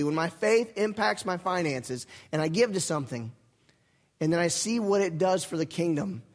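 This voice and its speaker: A pastor with a high voice preaches in a folksy, lively way, repeating his key phrases and tossing in asides. The sound rings with a long reverb, as in a big hall. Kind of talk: sermon. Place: church sanctuary.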